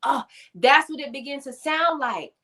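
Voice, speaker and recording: A woman telling her personal testimony in an animated storytelling style, acting out voices and laughing often. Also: sits high, moderate pace. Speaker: guest, motivational speaker.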